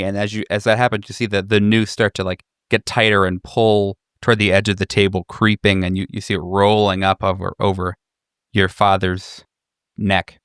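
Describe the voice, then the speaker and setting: Low-voiced man running a horror game. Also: level tone, a bit bright, clean tone, no room sound, studio quality. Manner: descriptive, halting with fillers. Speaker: game master. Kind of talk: narrating a tabletop horror game.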